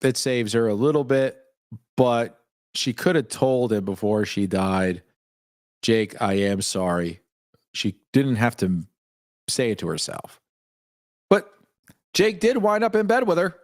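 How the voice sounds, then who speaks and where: A man's voice: medium pitch, lively intonation, measured pace, pauses often, no room sound, clean studio sound. A man hosting a casual live stream who chats candidly, laughs often and greets viewers by name as he reads their comments. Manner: frequent laughs and fillers, candid. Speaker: host.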